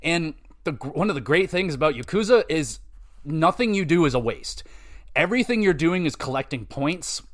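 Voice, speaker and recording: A man with a slightly high voice talks at a moderate pace while hosting a podcast about games. He rambles casually and swears as he retells game stories, animatedly quoting the voices involved in a relaxed review chat.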